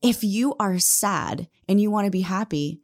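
A woman's voice: mid-range voice, expressive, a little slow. A woman in her thirties giving an earnest, emphatic motivational talk, often addressing listeners directly as "guys.". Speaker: motivational speaker.

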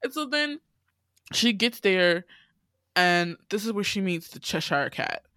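A woman's voice: mid-range voice, animated, measured pace, bright, forceful tone, dry recording. A woman in casual chat, animatedly retelling a film and acting out its characters' lines with laughter.

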